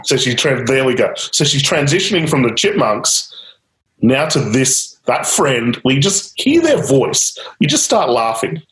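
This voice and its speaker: A man's voice: medium pitch, sing-song, a little slow, a bit bright, echoey room, poor audio. A man leading a live coaching demonstration, guiding a client with repeated prompts and light laughter. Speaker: change-technique coach.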